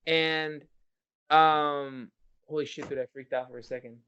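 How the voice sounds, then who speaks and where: A man on a podcast casually recounts a horror movie's story, cursing a lot and telling it with real animation. His voice is on the high side, clear and resonant, and a little slow. The recording has a dull, lo-fi podcast quality.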